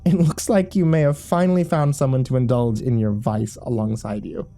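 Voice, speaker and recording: A man's voice: medium pitch, steady tone, normal speed, creaky, mellow, lightly acted. A man voicing a poised, elegant young woman who speaks in a gracious, polite way.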